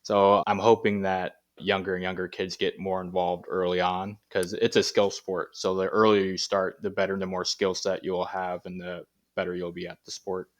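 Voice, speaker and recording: A man being interviewed as a Paralympic athlete, talking in a relaxed, rambling way with many fillers. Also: deep voice, normal speed, few pauses. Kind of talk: casual interview chat.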